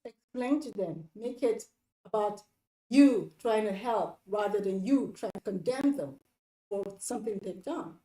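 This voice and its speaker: A woman's voice: mid-range voice, expressive, measured pace, mellow, reverberant, poor audio. A woman hosting a relationship advice talk, speaking earnestly and directly to the viewer, often repeating herself for emphasis.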